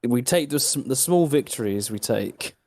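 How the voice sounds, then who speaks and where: A man's voice: medium pitch, expressive, normal speed, darkish tone. A man co-hosting a podcast, chatting casually with dry, wry quips. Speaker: podcast co-host. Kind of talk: casual chat.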